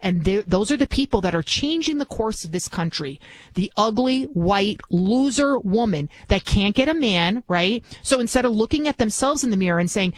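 A woman's voice: mid-range voice, expressive, moderate pace, no echo, rough recording. A woman in her forties hosting talk radio, telling a story in an indignant, ranting manner. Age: 40s.

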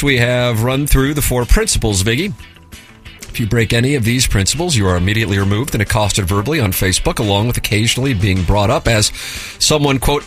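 A man's voice: mid-range voice, a bit bright. A man hosting a radio show, reading listener emails aloud with a sarcastic, mock-formal delivery.

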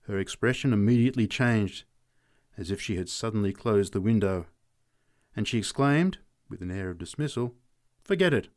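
A man's voice: lowish voice, moderate pace. A man reading short stories aloud as narrator, acting out voices. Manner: expressive, acts out voices.

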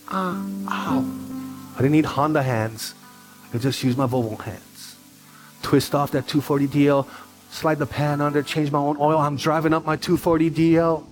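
A middle-aged man preaching as a pastor, telling stories in an animated way and repeating lines for emphasis. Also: fairly high pitch, moderate pace, faint music behind. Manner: animated, repetitive storytelling with rising emphasis. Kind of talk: sermon.

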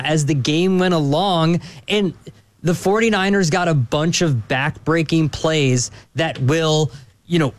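A man co-hosting a sports talk show, with a voice pitched a bit high. He speaks bluntly and emphatically, repeating himself to drive the point home. He is close on a dry, dead studio microphone. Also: dry recording. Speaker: sports radio co-host.

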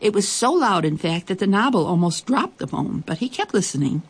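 A woman reading a children's story aloud, expressive and deliberate. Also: medium pitch, husky.

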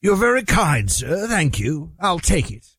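A man's voice: a little high, very animated, a little slow, a bit bright, husky, no echo. A man co-hosting a talk radio show, joking and playful. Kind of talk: casual radio chat.

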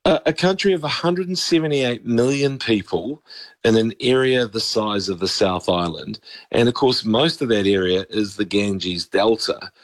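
Low-voiced New Zealand sports pundit. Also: male voice, unhurried, no echo. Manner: chatty, rambling, with many restarts. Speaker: regular sports commentator. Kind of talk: casual radio sports chat.

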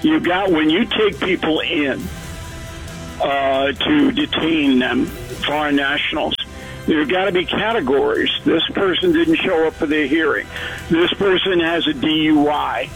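A man's voice: on the high side, a little slow, fairly bright tone, soft background music, poor audio. A man giving talk radio commentary, emphatic and laying out his points one by one. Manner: emphatic, lays out points in lists.

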